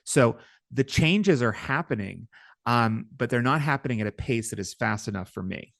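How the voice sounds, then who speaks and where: A man, a guest author, explaining his ideas in a measured way during an interview, with some fillers. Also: medium pitch, animated, vocal fry, a bit bright, no room sound. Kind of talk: interview talk.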